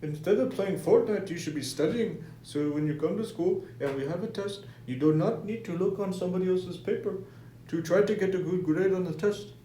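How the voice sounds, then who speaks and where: A man voicing a stern male school principal in a put-on Indian accent, lecturing slowly and formally. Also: high voice, warm tone, slight background noise, voice pushed up, lightly acted. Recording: echoey room.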